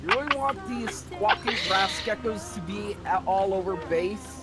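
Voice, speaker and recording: A man's voice: high-pitched, expressive, normal speed, low-quality recording. A man playing a group game, arguing bluntly in a casual chat. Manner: argumentative, blunt. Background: game music.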